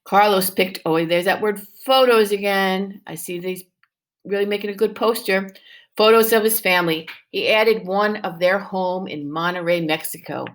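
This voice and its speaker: Here a first-grade teacher reads aloud from a picture book at normal speed in a mid-range voice. She's animated and encouraging, prompting the young listeners with exaggerated questions.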